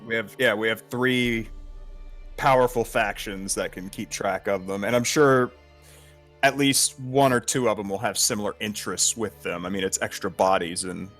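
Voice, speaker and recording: Low-voiced, easygoing man gamer. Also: steady tone, normal speed, fairly bright tone, soft background music. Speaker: player. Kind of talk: casual tabletop role-play over voice chat.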